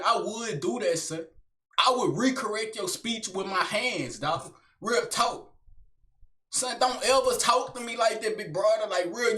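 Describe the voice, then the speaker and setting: A young man doing a high-energy comedic rant to camera, slangy and swaggering, swinging between shouting and low mutters. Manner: slangy, keeps tagging lines with son and big brother. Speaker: comedic vlogger.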